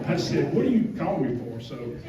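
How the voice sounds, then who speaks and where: Fairly quick and very animated, with a voice on the high side, this middle-aged Georgian man gives a heartfelt acceptance speech at an event that wanders, jokes about himself, and gets emotional. Background noise comes through, and the distant, roomy mic leaves the sound muffled.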